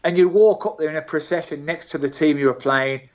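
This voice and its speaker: Older guy from birmingham telling funny self-deprecating stories, kinda high voice, muffled call audio. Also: brisk. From England, Birmingham. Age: 60s. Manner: animated, self-mocking anecdotes. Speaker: guest, former footballer. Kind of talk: storytelling interview.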